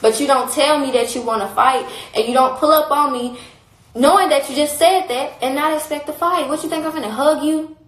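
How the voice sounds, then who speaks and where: A woman's voice: sits high, fairly quick, fairly bright tone, roomy sound, poor audio. A young woman on a phone live stream, talking in a heated, blunt and repetitive way, with frequent swearing. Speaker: livestreamer. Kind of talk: casual livestream rant.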